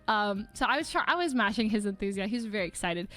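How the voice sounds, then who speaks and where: A young woman livestreamer in her twenties telling a story in casual, rambling chat, full of "like" and quick laughs. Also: medium pitch, lively intonation, a bit bright, soft background music.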